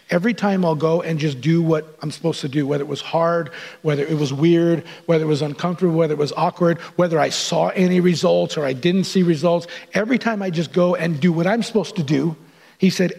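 A male pastor delivering a sermon in an earnest, conversational way. His voice sits a bit high and carries a gravelly, husky texture. He slips into little acted-out quotes as he talks. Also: darkish tone.

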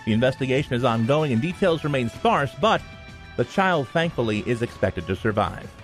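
Radio news guy reading traffic n weather, steady, light music underneath. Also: medium pitch, normal speed. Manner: steady scripted delivery.

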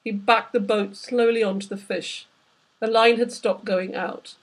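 A woman, the author, reading aloud from her novel in steady, measured narration. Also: a little high, rough recording. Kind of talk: book reading.

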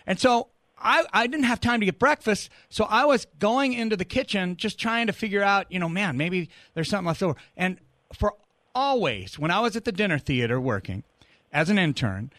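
Middle-aged radio host, animated storyteller, slightly high voice, dry sound. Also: male voice, normal speed, no room sound. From New England. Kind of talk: casual interview storytelling.

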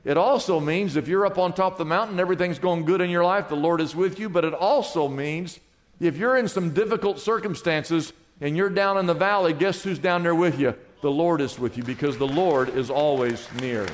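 A man preaches a sermon to his congregation, emphatic and asking them questions as he goes. His voice sits high for a man. The sound carries the long reverb of a large church sanctuary. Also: a little fast, some chatter behind. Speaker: pastor. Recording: live church hall reverb.

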